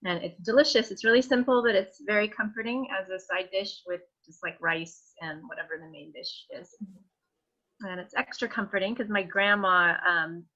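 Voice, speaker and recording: A woman's voice: mid-range voice, normal speed, sharp tone. A woman in an online workshop answering a question in an easygoing way. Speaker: workshop participant. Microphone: video call. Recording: dull lo-fi video call audio.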